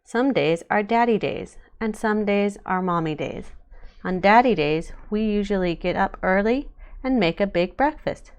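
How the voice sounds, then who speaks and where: A woman reading a children's picture book aloud in a bright, expressive storytelling way. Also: mid-range voice, unhurried, clean tone. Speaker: storybook reader.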